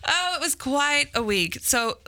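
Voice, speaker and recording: A woman's voice: high voice, big pitch swings, a little slow, bright, forceful tone, no room sound. A woman, the mother of a guest, chatting casually and telling a story with easy laughs. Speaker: parent guest. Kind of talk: casual chat.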